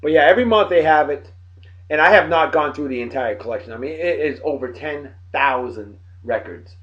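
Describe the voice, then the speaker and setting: A man, rambling and folksy as he gives birthday shout-outs to old friends. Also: fairly high pitch, brisk. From Martha's Vineyard, Massachusetts. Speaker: vlogger, beer and song of the day host. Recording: dull lo-fi home recording.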